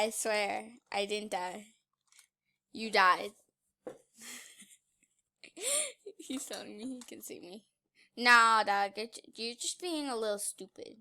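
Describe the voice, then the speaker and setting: A high, bright woman's voice talks through gameplay in a casual, teasing way. Her pitch swings widely, and she takes her time between giggles. She jumps from loud outbursts to quiet asides. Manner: giggly, playful, teasing, laughs often. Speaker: gaming YouTuber.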